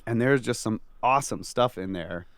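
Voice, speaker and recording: A man's voice: fairly low pitch, moderate pace, dry recording. A man who is a guest on a casual podcast, telling stories in an easygoing way with fillers.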